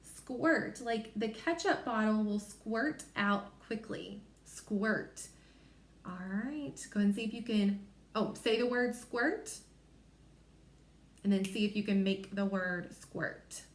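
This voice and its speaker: A woman teacher giving a recorded phonics lesson to young children, sounding out letters and word parts slowly and clearly. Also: medium pitch, echoey room.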